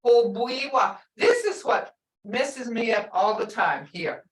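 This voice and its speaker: A fairly high voice with wildly swooping pitch belongs to an older woman unhurriedly teaching language on a video call. She patiently draws words out to model pronunciation, captured far off the mic with a roomy sound.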